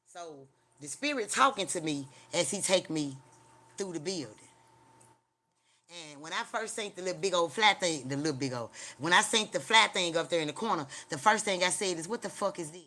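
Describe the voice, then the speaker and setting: A woman with a slightly low voice hosts a casual livestream. She tells a story in a loose, rambling way and swears freely. She pads her sentences with filler sounds and turns to address her viewers. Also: animated, moderate pace, sharp tone. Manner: rambling, profane, repeats filler like "da, da, da"; chats directly to her viewers. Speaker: livestream host.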